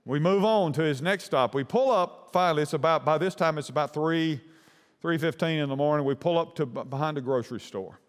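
A man's voice: fairly high pitch, fairly quick, smooth, in a large hall. A man preaching a sermon, telling a long anecdote in a folksy, rambling way. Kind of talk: sermon storytelling.

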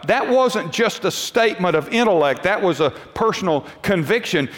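A man's voice: high voice, lively intonation, moderate pace, fairly bright tone. A male pastor preaching a sermon, emphatic and repetitive, often restarting his sentences. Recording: long hall reverb.

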